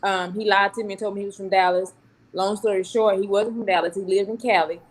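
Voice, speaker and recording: A woman telling a story about a bad date, lively and casual. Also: mid-range voice, quick pace. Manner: animated storytelling with acted quotes. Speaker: panel guest.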